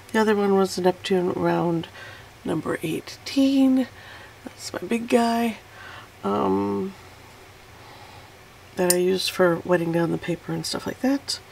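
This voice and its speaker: A woman's voice: medium pitch, measured pace, gravelly, darkish tone, slight background noise, poor audio. A woman hosting a casual watercolor tutorial, chatty and self-deprecating as she narrates each painting step.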